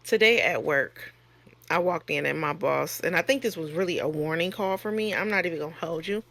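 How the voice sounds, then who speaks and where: A woman's voice: low-pitched, a little fast, creaky, a bit bright. A woman nurse and course creator talking frankly in a casual storytelling monologue, her voice rising sharply when she retells exchanges.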